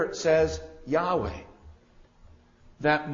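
Male preacher, fairly high voice, emphatic delivery with sudden soft asides; muffled lo-fi recording. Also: big pitch swings, slow. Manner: emphatic, swings from loud declarations to quiet asides. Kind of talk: expository sermon.

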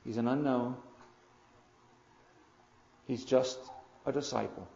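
A man preaching a sermon as pastor, swelling suddenly loud for emphasis and slowing to stress key words. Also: medium pitch, steady tone, creaky, echoey room, highs cut off.

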